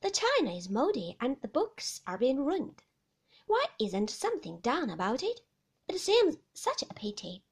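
A woman voicing a shy young heroine in a storybook, her questions coming out bright and eager. She runs high and lively, slow and soft-edged, with a breathy, husky grain. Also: exaggerated voice. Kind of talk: storybook reading.

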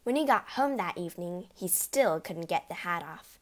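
A woman narrating a storybook reading in an expressive, lively way. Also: on the low side, normal speed.

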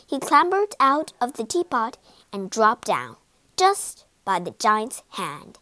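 A woman narrating a children's storybook in an expressive, dramatic way. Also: fairly high pitch, slow, no room sound.

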